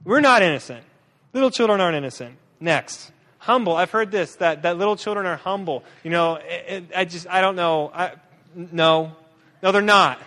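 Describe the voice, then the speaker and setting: A man giving a sermon as a guest preacher, lively and humorous, often restarting his sentences. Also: high voice, normal speed. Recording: long reverb of a large hall.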